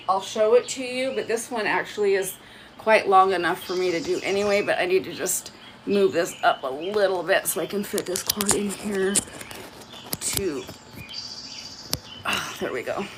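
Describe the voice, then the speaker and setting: A woman's voice: mid-range voice, moderate pace, long pauses, a little hiss or hum, rough recording. A woman chatting casually on a live stream at home, rambling and joking at her own expense while she shows off products into her phone. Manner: chatty, rambling, self-mocking. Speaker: vlogger.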